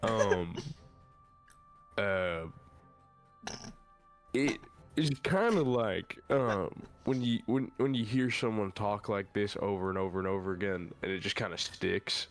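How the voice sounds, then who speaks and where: A player at a tabletop game, joking and excitable in banter. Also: low voice, unhurried, pauses often, soft background music. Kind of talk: casual tabletop play.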